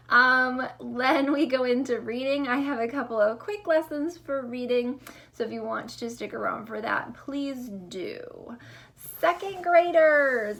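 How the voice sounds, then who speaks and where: With a fairly high-pitched voice, a woman teacher records a distance-learning lesson for young students, speaking deliberately and encouragingly with some gentle teasing.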